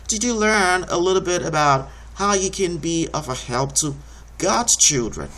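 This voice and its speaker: A man's voice: fairly high pitch, fairly bright tone. A man teaching a recorded homeschool lesson, explaining each step patiently and encouragingly.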